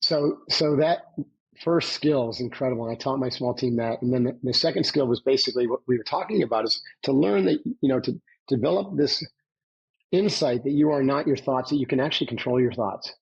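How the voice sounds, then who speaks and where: Gravelly, husky-voiced man, coaching. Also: mid-range voice, fairly quick, muffled recording. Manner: emphatic, coaching tone with repeated "right?". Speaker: guest, former Navy SEAL. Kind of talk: conversational storytelling.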